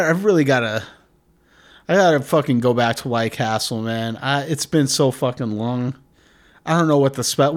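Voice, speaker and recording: A man hosting a solo comedy podcast, rambling and swearing, drifting nearer and farther from the mic. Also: mid-range voice. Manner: profane, rambling, animated; moves closer to and away from the mic. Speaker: podcast host.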